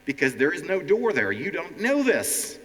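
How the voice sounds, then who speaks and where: A man's voice: a little high, very animated, moderate pace, fairly bright tone. A man with a Ukrainian accent hosting a stand-up style language lesson, addressing a live audience directly and acting out nervous learners. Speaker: language teacher and show host. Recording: hall reverb.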